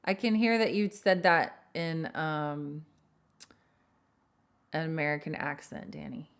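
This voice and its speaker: Woman songwriter hosting her own stream, lowish voice, greets fans by name, self-deprecating. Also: takes it slowly. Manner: rambling and chatty, greets viewers by name; self-deprecating, laughs at herself. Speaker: singer-songwriter hosting a livestream. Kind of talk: casual livestream chat with viewers.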